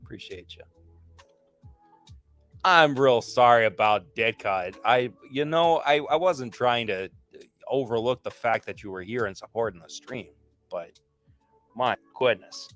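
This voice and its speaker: A man hosting a laid-back whiskey tasting stream, talking with a bright, forceful edge. His pitch sits in an ordinary middle range. He is chatty and eager, and he rambles and restarts his sentences, with soft music faintly underneath. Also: unhurried, pauses often. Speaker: podcast host. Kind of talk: casual livestream whiskey tasting.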